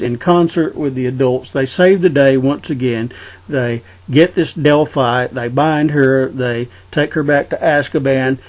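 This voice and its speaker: A man casually discussing a book, talking in an unhurried way and reading passages aloud. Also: mid-range voice, a little mellow, low-quality recording. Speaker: book reviewer.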